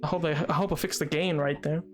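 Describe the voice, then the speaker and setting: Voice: mid-range voice, steady tone, quick pace. A livestreamer chatting casually while gaming, rambling with lots of restarts and filler words.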